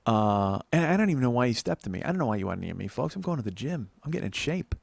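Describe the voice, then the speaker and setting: A man telling a profane, animated story on a comedy podcast, acting out what other people said. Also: medium pitch, very fast, vocal fry. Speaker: comedian host.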